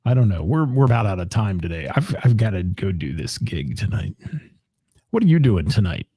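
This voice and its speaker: A man hosts a relaxed, jokey chat show on local radio, teasing his co-host and reading comments aloud. His voice is mellow and a little husky, recorded dry and close. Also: low voice, a little fast, dry recording. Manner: joking, teasing, laughs often. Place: live streamed radio show studio.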